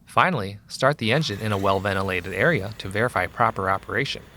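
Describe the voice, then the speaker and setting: Low-voiced man narrating service steps. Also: fast, slight background noise. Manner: calm, even, instructional delivery. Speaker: instructional voice-over narrator. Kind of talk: scripted narration.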